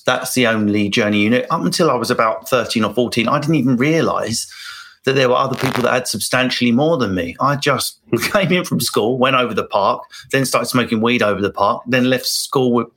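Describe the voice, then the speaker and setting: A man's voice: mid-range voice, moderate pace, a bit bright. A middle-aged man, a comedian giving candid interview answers in wry, rambling anecdotes with self-mocking asides. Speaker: comedian guest.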